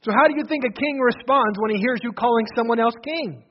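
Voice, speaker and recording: Male pastor preaching, very high voice, big swings from loud to hushed, dull lo-fi sound. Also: a little fast. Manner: swings from loud declarations to hushed, low emphasis; repeats phrases, restarts often. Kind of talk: sermon.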